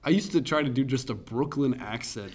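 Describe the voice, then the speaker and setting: A young man, a comedian guest in casual conversation, relaxed and chuckling, his sentences trailing off more softly. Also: mid-range voice, brisk. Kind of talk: casual chat.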